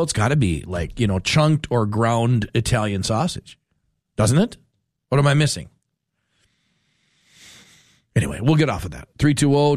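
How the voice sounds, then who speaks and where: Male talk radio host, animated and rambling, dry studio mic, voice swooping up and down. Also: medium pitch, dry recording. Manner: animated, rambling and self-mocking. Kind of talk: casual talk radio monologue. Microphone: studio microphone.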